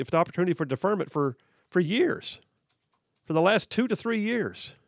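Gravelly talk radio host, man. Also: fairly high pitch, dry recording, studio quality. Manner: emphatic, rhetorical questions, frequent restarts. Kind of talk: opinionated talk radio monologue. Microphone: studio microphone.

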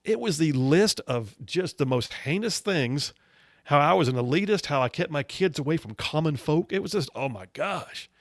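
Folksy gravelly radio talk host. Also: male voice, fairly high pitch, normal speed, no room sound, studio quality. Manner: folksy storytelling, animated.

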